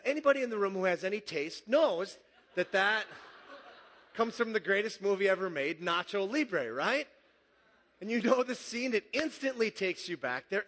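High-voiced man preaching in a reverberant hall. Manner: lively, joking, conversational preaching. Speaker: pastor. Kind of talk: sermon.

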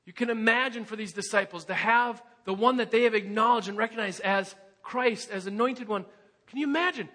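Male pastor delivering an emphatic sermon, very high voice, bright and forceful. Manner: earnest, emphatic preaching with rhetorical questions.

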